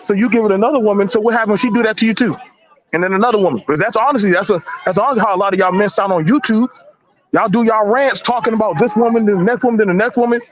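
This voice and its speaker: A man with a high, lively voice, arguing hard in a casual group debate. He is blunt and slangy and hammers his points by repeating words. The audio is dull and lo-fi. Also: racing. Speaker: panelist.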